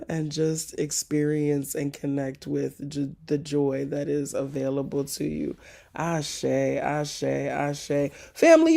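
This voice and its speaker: Brief: woman spiritual host, unhurried, low-pitched, coaxing and playful, chants blessings. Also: dark tone. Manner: laughs often, coaxing and affectionate. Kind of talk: motivational spiritual talk.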